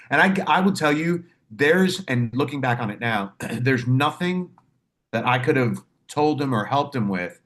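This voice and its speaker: A man on a podcast telling animated, profane stories about his clinical work, acting out the voices in them. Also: medium pitch. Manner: animated storyteller, profane, acts out quotes. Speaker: podcast host, mental health clinician. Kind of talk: casual podcast chat.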